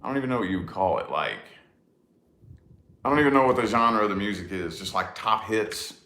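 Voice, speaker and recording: A man with a Tennessee accent chatting on a vlog, rambling and circling back with "you know what I mean." His voice is bright and swings lively up and down. It sounds roomy and echoey. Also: on the low side, fairly quick. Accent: Southern US, Tennessee. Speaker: vlog host, musician. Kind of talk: casual chat. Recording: roomy echo.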